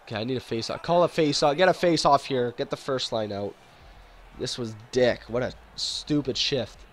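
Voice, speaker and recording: A young man giving profane let's-play commentary, excitable, yelling and swearing at the game, a bit congested and coughing. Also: medium pitch, normal speed. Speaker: gaming YouTuber.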